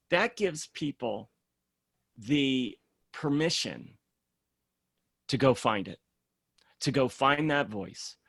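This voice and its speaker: A man, a program founder, speaking in a casual podcast conversation as an animated storyteller who acts out the voices he quotes. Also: a little high, creaky, breathy edge, dry recording, studio quality.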